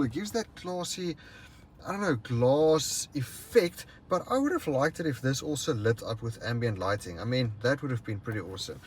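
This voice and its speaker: A fairly high-pitched man reviews a car, with slight background noise behind him. His casual vlog walkthrough takes place outdoors and inside the car, and he thinks out loud while showing viewers around.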